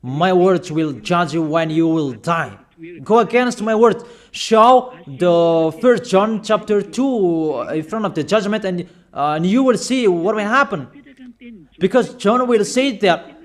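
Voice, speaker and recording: A man preaching a sermon, insistent and repeating phrases slowly for emphasis. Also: high voice.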